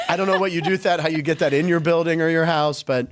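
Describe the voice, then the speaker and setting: A man's voice: a little high, fairly even intonation, fast, a little hiss or hum. A man hosting a sports podcast, chatting casually with wry, sarcastic asides.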